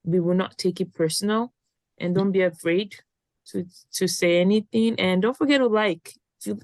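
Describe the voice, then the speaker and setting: A woman's voice: medium pitch, normal speed, a little mellow, no room sound. A young woman in her twenties co-hosting a casual podcast, a little tired and rambling, with frequent restarts. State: tired, yawning. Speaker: podcast co-host.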